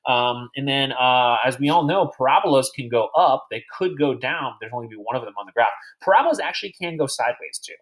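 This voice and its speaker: A man's voice: medium pitch, animated, fast talker, few pauses, fairly bright tone. A man teaching a recorded math lecture over slides, chatty and digressive, quizzing imaginary students as if they were in class.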